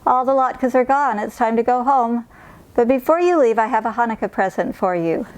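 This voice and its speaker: A woman voicing a kindly, chatty old grandmother in a storybook, cheerful and doting, gently scolding. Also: a little high, moderate pace, slight background noise, lightly acted, low-quality recording. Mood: tender. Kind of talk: storybook character voice.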